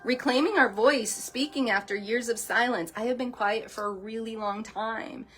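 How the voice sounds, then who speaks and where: A woman's voice: a little high, normal speed, a bit bright. A middle-aged woman hosting a sound healing talk, earnest and encouraging, speaking directly to her viewers. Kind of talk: casual motivational talk.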